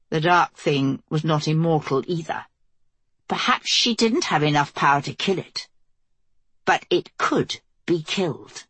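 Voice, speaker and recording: A woman narrates a fantasy audiobook at a steady, even pace. Her voice is low and slightly breathy, and it is recorded close and dry with no room sound. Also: dry recording.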